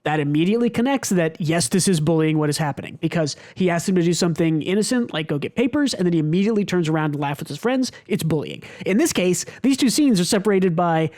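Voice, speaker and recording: A man co-hosting a manga podcast, talking in a rambling, animated way with many restarts. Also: a little high, quick pace, hardly any pauses. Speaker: podcast co-host. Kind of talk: casual podcast discussion.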